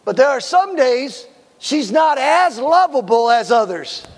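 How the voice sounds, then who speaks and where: Middle-aged pastor guy preaching, high voice, lively, acts out voices, echoey hall. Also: unhurried. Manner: animated preaching, acting out voices in stories. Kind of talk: sermon.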